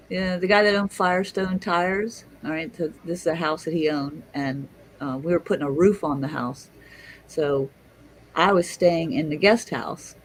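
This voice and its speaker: A middle-aged woman telling a story in casual chat, lively and swearing, acting out the people she quotes. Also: lowish voice, slight background noise, poor audio. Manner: animated, swearing, acts out quotes. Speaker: guest storyteller.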